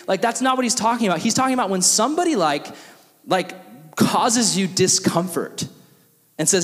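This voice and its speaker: A man's voice: sits high, expressive, a little fast, in a large hall. A young man giving a youth sermon, telling stories with lots of acted-out quotes and filler "like"s. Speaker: youth pastor.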